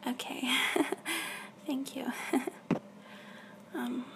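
A woman in a whispered role-play as a girlfriend on a video call, talking softly and affectionately and often dropping to a whisper. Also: high voice, steady tone, drawn-out words, creaky, very noisy.

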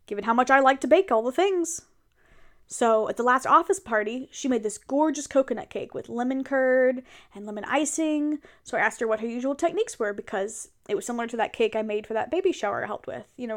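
Chatty young woman venting to her partner. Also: a little high. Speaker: audio role-play performer. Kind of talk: casual role-play monologue to a partner.

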